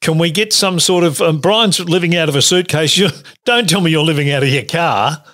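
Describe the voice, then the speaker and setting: A man's voice: a little high, fairly quick, fairly bright tone. A man hosting a radio show, teasing his co-hosts in casual banter and laughing often.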